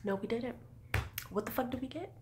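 A woman with a voice a touch higher than most talks through a film in a loose, casual review. She swears freely, gets excitable and keeps acting out the scenes she describes. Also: brisk, slight background noise. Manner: excitable, profane, exclaims and acts out scenes. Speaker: movie reviewer.

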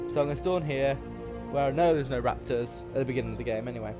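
Man, mid-pitched, game commentary, irritable, cursing, music playing behind. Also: racing. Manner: frustrated, swearing, muttering to himself. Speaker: gaming YouTuber. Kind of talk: let's-play commentary.

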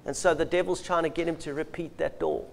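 Earnest male minister, slightly high voice. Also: fairly even intonation, fast talker, creaky. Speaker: minister co-teacher. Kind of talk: conversational teaching.

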